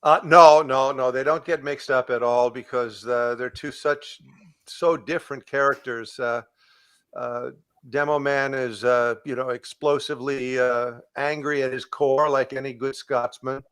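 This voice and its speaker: A male voice actor answers questions with a bright, forceful tone and plenty of fillers. The sound is close and completely dry, with no room. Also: medium pitch, fairly even intonation, measured pace, clean tone, no echo. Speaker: voice actor guest. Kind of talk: casual live-stream Q&A.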